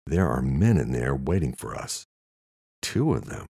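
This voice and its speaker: A man's voice: rumbling low, very animated, a little slow, gravelly, dark tone, slightly rough, full character voice. A man voicing a tough, foul-mouthed male investigator who speaks urgently in an audiobook. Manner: urgent, cursing.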